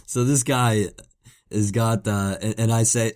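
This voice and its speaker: A man with a fairly low voice tells a casual story as a podcast host. He rambles, filling his sentences with "uh" and "like" and repeating words as he goes. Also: a little slow, a little mellow. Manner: rambling, lots of fillers and repeated "like".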